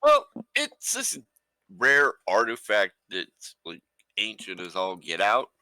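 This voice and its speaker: A man playing a tabletop game, chatting casually in an animated, joking way. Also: lowish voice, slow pace, no room sound. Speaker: player.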